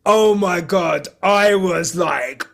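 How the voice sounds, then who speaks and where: A man's voice: sits high, slow, creaky, fairly bright tone. A young man hosting a live stream, chatting casually and emotionally in a rambling way with lots of fillers. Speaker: podcast host streaming live.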